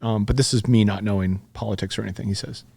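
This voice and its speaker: A man's voice: lowish voice, steady tone, quick pace, vocal fry, darkish tone, breathy edge. A man in his fifties, a podcast guest, telling a story in blunt, profane everyday talk. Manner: blunt and profane, retelling events with heat. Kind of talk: conversational storytelling.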